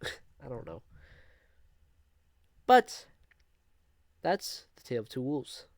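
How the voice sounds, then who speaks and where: A man's voice: medium pitch, sing-song, slow pace, dry recording, studio quality. A young man casually telling a personal story in a vlog, rambling and restarting as he goes. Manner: rambling, with fillers and restarts, laughing at himself. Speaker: vlogger.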